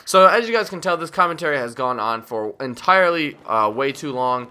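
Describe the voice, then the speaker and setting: A man's voice: mid-range voice, animated, a little fast, pushed and bright, clear, resonant tone. A man giving casual, rambling commentary over his own gameplay, joking and mocking himself as he goes. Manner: rambling, jokey, self-mocking; drowsy, yawning at times. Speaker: gaming video commentator.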